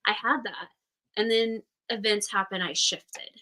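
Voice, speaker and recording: On a poor-quality recording, a medium-pitched woman speaks a little slowly in a pushed, bright tone. She's in her thirties, from Utah, and leads a laid-back livestream astrology class, where she's frank, talkative, swears openly, and performs the voices of people she quotes.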